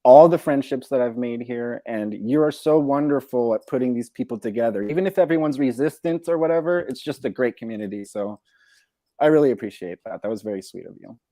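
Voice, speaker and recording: A man's voice: mid-range voice, brisk, warm tone. A man co-hosting a livestream, talking in an emotional, effusive way with swearing. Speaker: co-host. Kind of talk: casual livestream chat.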